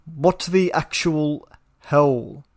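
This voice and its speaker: A man's voice: fairly high pitch, very slow, darkish tone. A man hosting a reaction video, talking with mocking sarcasm. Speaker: commentary video host.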